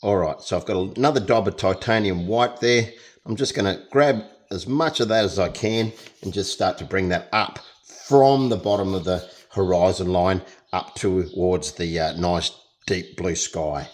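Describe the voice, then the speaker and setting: A low-pitched male voice at a moderate pace belongs to a young Australian painting tutor. He chats and jokes through his demonstration, talking continuously as he works.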